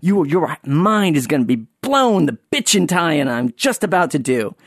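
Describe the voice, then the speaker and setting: Sarcastic, rambling man, bright dry voice. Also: on the high side, sing-song, moderate pace, husky, no room sound. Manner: rambling, sarcastic, self-interrupting. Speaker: podcast host. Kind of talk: casual solo monologue.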